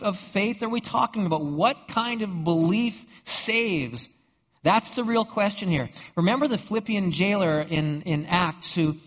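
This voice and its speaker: High-voiced pastor preaching. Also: male voice, fairly bright tone. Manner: rhetorical questions, frequent repeated words. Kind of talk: sermon. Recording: dull reverberant hall recording.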